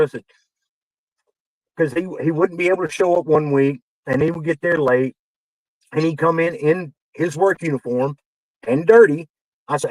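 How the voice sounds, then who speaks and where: A man, a wrestling veteran guest on a podcast, telling backstage stories in a casual, animated way, acting out quoted dialogue and swearing as he gets heated. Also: on the high side, normal speed, long pauses, no room sound, low-quality recording. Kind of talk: casual storytelling.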